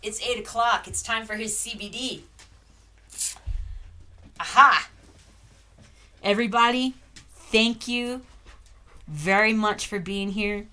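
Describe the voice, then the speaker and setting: A woman with a mid-range voice livestreams casually from home into a desk microphone, speaking slowly with frequent pauses in a pushed, bright tone. She's candid and chatty, often stopping to talk to her dog.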